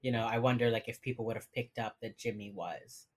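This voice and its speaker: Low-voiced laughing woman podcaster. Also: fairly quick, a little hiss or hum. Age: young adult. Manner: laughs often, relaxed and chatty. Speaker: podcast co-host. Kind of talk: casual chat. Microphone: remote video call.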